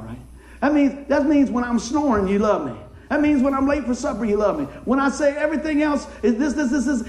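A middle-aged man preaching a folksy sermon, swinging from soft asides to excited shouts. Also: very high voice, echoey room, poor audio. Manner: folksy, animated, rises to excited shouts then drops soft. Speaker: pastor. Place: church sanctuary.

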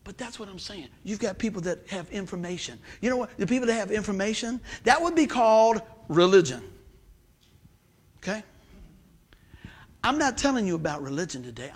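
A man's voice: high-pitched, lively intonation, moderate pace, husky. A man preaching a sermon in a folksy, emphatic way, repeating words for stress.

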